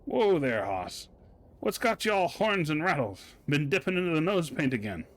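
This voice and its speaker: A man voicing a gruff old cowboy sidekick in a video game, with a folksy Western drawl. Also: on the high side, big pitch swings, normal speed, pitched above the performer's own voice.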